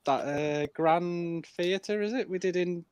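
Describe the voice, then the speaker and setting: A man co-hosting a casual chat, speaking in a halting way with pauses and fillers. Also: high-pitched, a little mellow, clear, resonant tone, dry recording.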